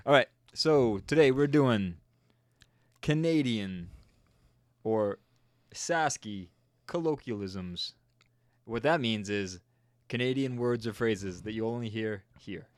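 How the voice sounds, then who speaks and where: A man's voice: lowish voice, expressive, takes it slowly, long pauses, dry recording. Young guy cohosting a podcast, playful and laughy, dry close mic. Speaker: podcast co-host. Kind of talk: casual chat.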